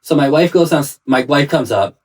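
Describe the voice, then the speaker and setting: A man's voice: a little high, expressive, moderate pace, rough recording. Rambling, chatty man telling stories. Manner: rambling storyteller, heavy use of "like". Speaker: podcast guest, father. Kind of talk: casual chat.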